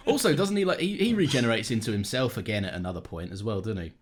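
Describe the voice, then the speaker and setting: A man co-hosting a podcast in casual chat, quick to act out characters in short put-on voices. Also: on the low side, animated, a little hiss or hum. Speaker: podcast co-host.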